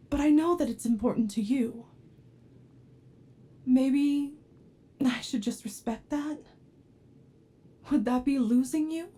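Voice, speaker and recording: A woman voicing an obsessive, devoted android with an unstable temper in a whispered role-play, talking softly and pleading, sometimes flaring into anger. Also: sits high. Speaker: ASMR role-play performer.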